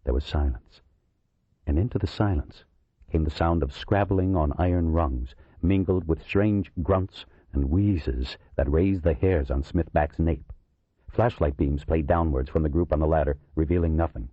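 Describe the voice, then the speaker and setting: Deep husky guy reading a horror audiobook, lots of pitch movement, dull lo-fi sound. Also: moderate pace, dry recording. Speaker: audiobook narrator. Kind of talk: scripted audiobook narration.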